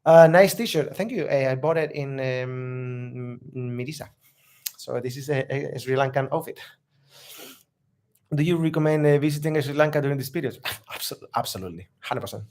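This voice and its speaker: A man's voice: medium pitch, moderate pace, darkish tone. A man and travel vlogger answering viewer questions in a casual live Q&A, rambling and friendly with lots of "uh" and "like" fillers. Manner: rambling, loose, heavy on "uh" and "like" fillers; friendly, upbeat, laughs easily.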